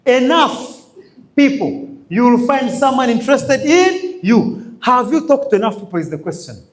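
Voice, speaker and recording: Ugandan man, motivational trainer, high and animated delivery, drills points with call-and-response. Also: normal speed. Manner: emphatic, repetitive, calls out questions for the audience to answer. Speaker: business trainer. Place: training session before a live audience.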